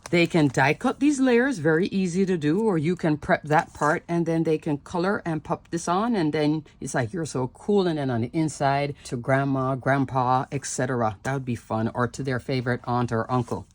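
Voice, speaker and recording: A woman's voice: deep voice, normal speed, few pauses. Bubbly woman hosting a craft video. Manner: bubbly, repeats words like "love, love" and "fun"; addresses viewers as "crafters". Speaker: papercraft video host. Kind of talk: casual craft demonstration.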